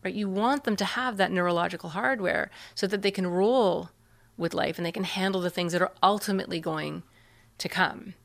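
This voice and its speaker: Animated woman explaining parenting. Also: lowish voice, fairly quick, gravelly. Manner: earnest, animated, slips into voicing kids and parents. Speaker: parenting expert guest. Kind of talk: interview answers, explaining techniques.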